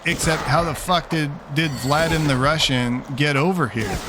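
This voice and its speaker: A man's voice: fairly high pitch, normal speed, few pauses. Sarcastic, swearing let's play man. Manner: sarcastic, profane, rambling. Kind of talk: casual gameplay commentary. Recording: commentary with background game noise.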